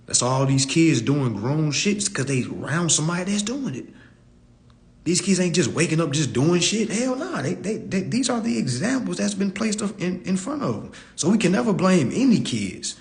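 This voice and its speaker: A man's voice: sits high, sing-song, normal speed. A man giving a casual live-stream talk into a phone, blunt and preachy, repeating his points and cursing freely.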